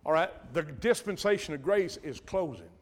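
A man's voice: a little high, animated, moderate pace. An older man preaching a sermon in a folksy, earnest way, often breaking off mid-sentence and repeating himself.

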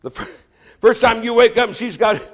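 A man's voice: very high voice, fairly quick, creaky, fairly bright tone. An older man preaching a sermon as pastor, folksy and joking.

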